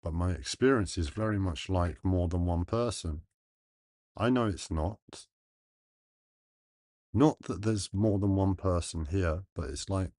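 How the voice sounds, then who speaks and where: Man, very low voice, earnest, halting, thinking aloud on a livestream, dry close sound. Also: a little mellow, dry recording. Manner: halting, earnest, with pauses and restarts. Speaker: live streamer.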